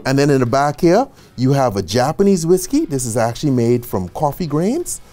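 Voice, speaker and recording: A man giving an instructional bartending lesson, chatty and animated, who often checks in with a quick "okay?" and adds joking asides. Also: medium pitch. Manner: casual and chatty, with asides and small laughs.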